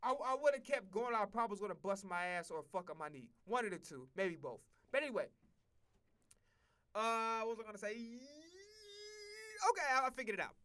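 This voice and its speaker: Cussing sports streamer guy, rambles and gets all fired up, bright sharp voice. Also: sits high, brisk. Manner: profane, rambling, excitable. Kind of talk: casual sports commentary stream.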